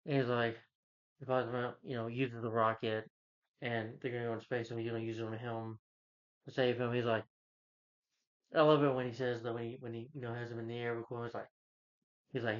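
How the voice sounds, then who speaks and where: Speaking a little fast yet with long pauses, a male movie reviewer summarizes a film in a medium-pitched, level voice. The lo-fi recording sounds dull, and his easygoing rundown wanders, filled with "like" and "you know."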